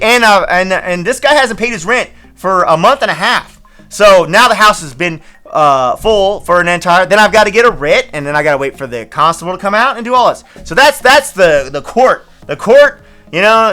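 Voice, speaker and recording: A man's voice: high voice, sharp tone. A man hosting a casual storytelling vlog as a landlord, rambling and chatty, with many fillers and restarts. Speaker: landlord and channel host.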